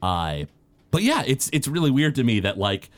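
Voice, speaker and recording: A man chatting casually as a podcast co-host, his pitch rising and falling with lively, animated swings. He rambles through loose sentences full of fillers and restarts. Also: normal speed. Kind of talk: casual chat.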